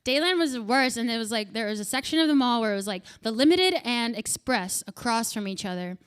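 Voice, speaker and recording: A woman in her thirties doing stand-up with crowd work, profane and animated, bursting into shouts. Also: a little high, fairly quick, clear, resonant tone. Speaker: stand-up comedian.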